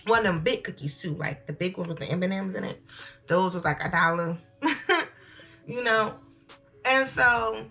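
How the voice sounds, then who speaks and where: A young woman, chatting to viewers as she tells a lively storytime. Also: on the low side, unhurried, pauses often, faint music behind. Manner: animated, chatty, addresses viewers as y'all. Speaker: storytime vlogger. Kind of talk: casual storytelling to camera.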